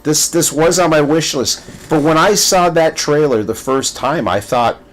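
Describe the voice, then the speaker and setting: A gaming video creator with a somewhat high, slightly slow voice offers casual commentary. He rambles, repeats words and stumbles through his thoughts, telling his stories in an animated, playful way.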